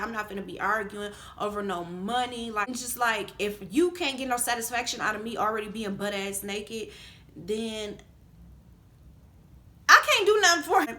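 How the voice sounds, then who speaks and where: A woman telling a story to her vlog audience in a casual, animated way, swearing freely and growing loud when angry. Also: mid-range voice, a little hiss or hum. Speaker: vlogger telling a story time.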